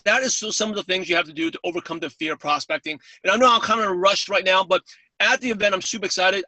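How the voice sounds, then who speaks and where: A man from New York with a New York accent and a lisp, talking fast and eagerly as a guest speaker on a webinar call. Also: sits high, bright, forceful tone, no echo, far from the mic, low-quality recording. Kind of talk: webinar talk.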